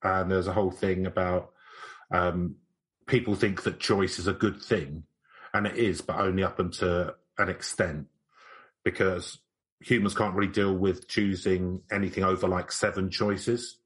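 A man's voice: low-pitched, fairly even intonation, a little slow. A young man co-hosting a podcast, chatting in a dry, joking, rambling way. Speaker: podcast co-host. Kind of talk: casual banter.

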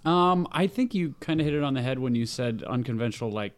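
A man talking as an actor guest, relaxed and enthusiastic, rambling a little. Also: mid-range voice, quick pace. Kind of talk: casual chat.

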